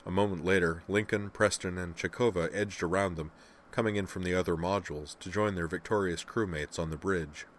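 Deep-voiced male narrator, steady audiobook read, faint background noise. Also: brisk. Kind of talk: scripted narration.

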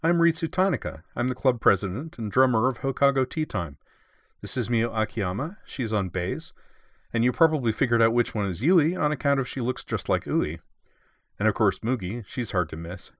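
A man's voice: medium pitch, expressive, moderate pace, no room sound, studio quality, pitched above the performer's own voice, lightly acted. A man voicing a cheerful, bossy teenage girl who leads a school band, speaking in a brash, teasing way. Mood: brash, upbeat.

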